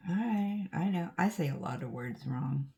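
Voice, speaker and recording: With a low, mellow, animated voice at normal speed, an older woman from Oregon rambles on about various stories between asides. She's a crafting vlogger chatting casually as she does diamond painting.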